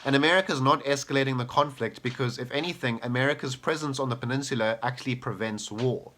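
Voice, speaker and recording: A man's voice: medium pitch, quick pace, a bit bright. A man giving an argumentative commentary, firing off rhetorical questions with sarcastic asides. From South Africa. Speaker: political commentator. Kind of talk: argumentative video essay.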